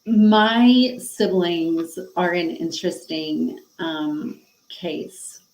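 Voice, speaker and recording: A woman's voice: on the low side, very slow, darkish tone, roomy sound, poor audio. A middle-aged woman guest on a podcast, telling a painful personal story frankly and emotionally, full of fillers and acted-out dialogue.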